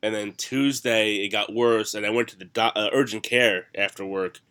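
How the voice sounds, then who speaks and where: A middle-aged man whose voice is hoarse and raspy after the flu, with a cough breaking through. His tone is bright and forward, and he rambles through self-mocking stories in a relaxed chat. He sounds like a co-host talking freely. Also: lowish voice, normal speed. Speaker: podcast co-host. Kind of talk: casual chat.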